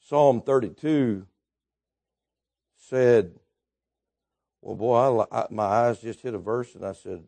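A man preaching a Baptist sermon, building fervently to shouts and dropping low again, with chuckles between points. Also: takes it slowly, vocal fry, pauses often. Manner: fervent, rises to shouting then drops low.

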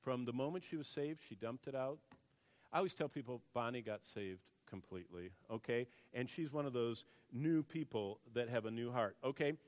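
A man preaching a sermon and telling a story, dropping to a hush and then rising to loud emphasis. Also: medium pitch, expressive, moderate pace. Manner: storytelling, swings between hushed and loud emphasis. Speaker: pastor. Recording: long hall reverb.

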